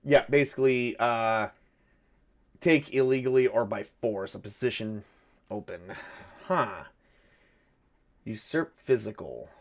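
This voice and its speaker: A man's voice: mid-range voice, fairly even intonation, measured pace, pauses often. A man narrating a solo tabletop game, thinking aloud and hesitating with many fillers. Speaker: game master and solo player.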